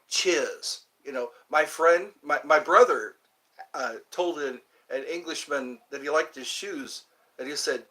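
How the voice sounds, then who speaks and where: This man in his fifties from the United States runs a live stream, meandering through his chat with asides and restarts. His voice is high-leaning, pushed and bright, and the sound quality is poor.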